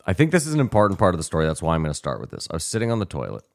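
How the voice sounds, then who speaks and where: A man hosting a casual podcast, telling a story in an animated way, swearing and laughing as he goes. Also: sits low, rapid-fire, creaky. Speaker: podcast host.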